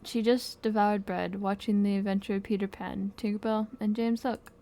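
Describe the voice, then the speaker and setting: Give me a woman with a warm, mellow voice reading game narration expressively. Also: mid-range voice, little pitch movement, normal speed. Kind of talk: reading game text aloud.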